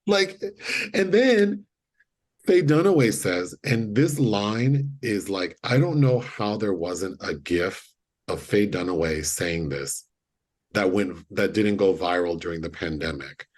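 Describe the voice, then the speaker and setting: A man with a husky, lowish voice recaps a movie for his co-host. He talks casually and animatedly, acting out the characters' lines as he goes. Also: takes it slowly. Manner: animated storyteller, acts out quotes. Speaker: podcast co-host. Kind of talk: casual chat, retelling a film.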